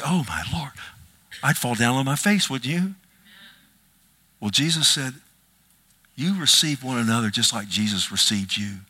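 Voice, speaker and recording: A male pastor delivers an impassioned sermon with a bright, forceful voice. He swings from loud declarations down to hushed whispers and keeps checking in with the congregation. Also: mid-range voice, slightly rough. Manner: calls out "Amen?" to the congregation.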